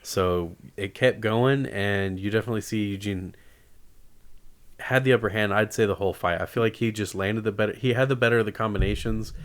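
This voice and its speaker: A man co-hosting a podcast, recapping fights in an easygoing, measured way. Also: on the low side. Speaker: podcast co-host. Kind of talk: casual chat about boxing.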